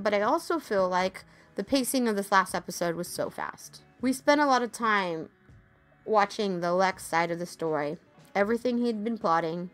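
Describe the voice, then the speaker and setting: Chatty woman podcast host, faint music. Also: mid-range voice. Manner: chatty and candid, swears casually, laughs easily. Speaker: podcast co-host reviewing a TV series. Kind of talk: casual podcast review.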